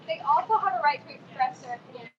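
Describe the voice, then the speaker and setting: High-voiced woman speaking to a park crowd. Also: expressive, fast talker. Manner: earnest, asks the crowd for agreement. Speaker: rally speaker. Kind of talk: addressing an outdoor crowd. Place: outdoors in a park. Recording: distant, dull, noisy outdoor audio.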